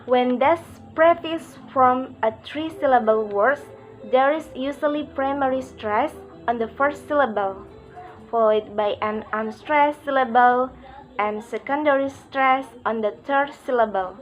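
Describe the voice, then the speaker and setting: A woman reading out a pronunciation lesson, halting and word by word with pauses. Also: high-pitched, faint music behind, low-quality recording.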